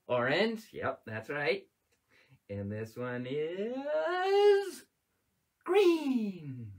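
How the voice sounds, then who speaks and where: A man's voice: on the high side, huge pitch swings, drawn-out words, breathy edge. A man hosting a live children's show, playfully doing magic tricks, gasping and singing for kids.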